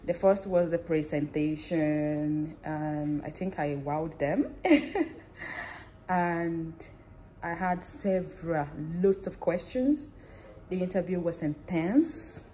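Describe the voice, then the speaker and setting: A woman nurse in a casual vlog, sharing her news excitedly and laughing often as she talks straight to her viewers. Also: deep voice, slow pace, slight background noise. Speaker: nurse and theatre manager.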